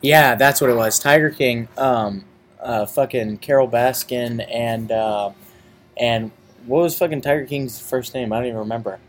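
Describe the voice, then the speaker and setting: A young man co-hosting a casual podcast, swearing freely and acting out what people said. His voice sits at an everyday middle pitch. He tells his stories with lively energy. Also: normal speed. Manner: profane, animated storytelling with acted-out quotes. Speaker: podcast co-host. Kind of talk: casual chat.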